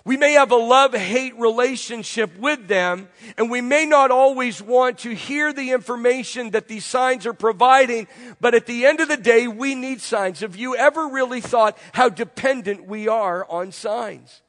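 A man's voice: extremely high pitch, normal speed, a bit bright. A man preaching a sermon with a congested voice, asking the congregation rhetorical questions and building repeated phrases. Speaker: pastor. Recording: long reverb from a large room.

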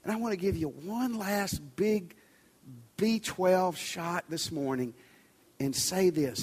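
A man with a high voice preaches in a conversational way to a large congregation. His urgent pleas sometimes sink to a soft near-whisper. The long reverb of a big church sanctuary hangs on every phrase. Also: takes it slowly, slightly rough. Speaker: pastor. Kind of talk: sermon.

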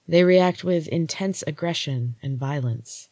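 A woman doing a grave, hushed golden goddess. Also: deep voice, unhurried, slightly rough, no room sound, heavily acted. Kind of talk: audiobook-style story reading.

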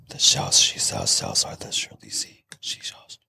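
A man's voice: moderate pace, sharp tone, whispered. A man co-hosting a podcast, chatting casually with friends, stumbling over tongue twisters and swearing freely. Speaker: podcast co-host. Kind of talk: casual chat among friends.

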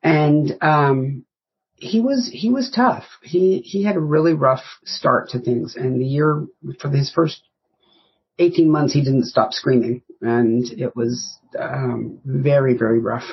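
Very husky woman in her fifties. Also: very deep voice, slow pace, muffled recording. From United States. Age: 50s. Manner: rambling, anecdotal storyteller. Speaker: podcast guest. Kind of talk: casual interview chat.

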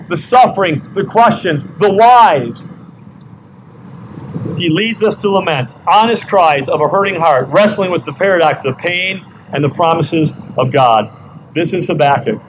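An older man, a grandfather, preaching a sermon with slow, emphatic repeated questions. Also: high-pitched, slight background noise, poor audio. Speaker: pastor. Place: outdoor parking lot service.

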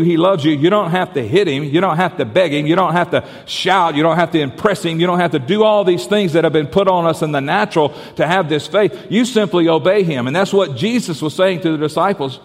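A man's voice: high voice, brisk, few pauses. A male pastor preaching a sermon, telling stories with stammered restarts and playful asides. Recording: hall reverb.

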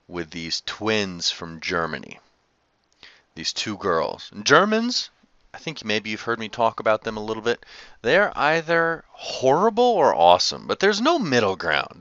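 A man telling a food travel story to camera in a casual, animated, profane way that is often broken by laughter. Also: low voice, no echo. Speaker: travel vlogger. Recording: slightly dull lo-fi sound.

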